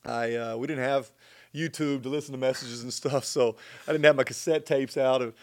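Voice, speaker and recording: A middle-aged man telling a personal faith story as a guest in conversation, earnest and animated. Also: medium pitch, normal speed. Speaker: guest sharing his testimony.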